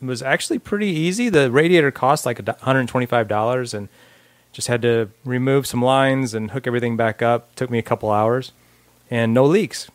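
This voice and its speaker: A man co-hosting a podcast, telling a story in relaxed casual chat with lots of fillers and restarts. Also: medium pitch, a little fast, no echo. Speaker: podcast co-host.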